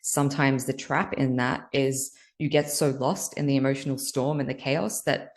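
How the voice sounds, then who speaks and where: Very low-voiced woman, candid and earnest. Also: fairly even intonation, normal speed. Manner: loose, filler-heavy, earnest and confessional. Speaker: podcast guest, healer. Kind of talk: candid spiritual interview talk.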